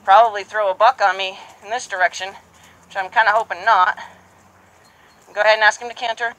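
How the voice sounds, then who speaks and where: Bright-voiced woman training a horse. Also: medium pitch, steady tone, fairly quick, poor audio. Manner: explains steps aloud, then murmurs soothingly to the horse. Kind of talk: narrated training session. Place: horse arena or round pen. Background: hoofbeats and horse sounds.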